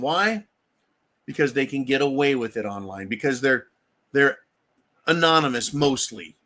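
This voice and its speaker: A man's voice: mid-range voice, animated, measured pace, pauses often, sharp tone. A man hosting a live stream, ranting heatedly with frequent swearing and calling his listeners folks. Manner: keeps addressing listeners as folks. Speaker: livestream host.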